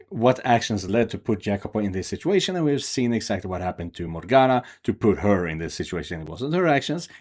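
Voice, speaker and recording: A man's voice: sits low, darkish tone. A man hosting a casual let's play, commenting freely and swearing now and then. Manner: casual, swears, reacts with laughs. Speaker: game channel host.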